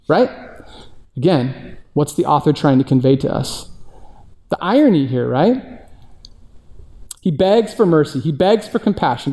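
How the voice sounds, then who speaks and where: A man's voice: fairly high pitch, dark tone. A man preaching a sermon, reading scripture aloud and asking the congregation rhetorical questions, often adding "right?". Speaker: pastor.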